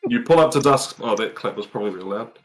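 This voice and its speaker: A man's voice: medium pitch, expressive, fast talker, soft background music. A man narrating a tabletop game as dungeon master, hesitant and full of ums.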